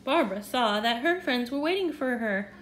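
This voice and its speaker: A woman reading a children's storybook aloud in an expressive, animated way. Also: a little high, moderate pace, slight background noise.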